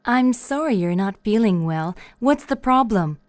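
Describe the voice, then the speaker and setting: A woman reading a mother's lines in a scripted practice dialogue, calm and careful. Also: mid-range voice, a little slow, dry recording.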